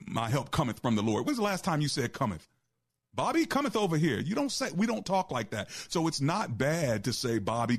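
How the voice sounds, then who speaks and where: A man hosting a call-in radio show as a pastor, talking conversationally with preacherly asides. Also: medium pitch.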